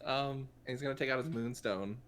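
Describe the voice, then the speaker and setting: A player at a tabletop game, chiming in with playful, quick interjections. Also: mid-range voice, fairly bright tone, slight background noise. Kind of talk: tabletop game play, casual chat.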